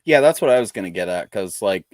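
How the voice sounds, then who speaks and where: A man's voice: on the low side, expressive, fast, dry recording. A man co-hosting a podcast in casual chat, laid-back and rambling, swearing freely. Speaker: podcast co-host.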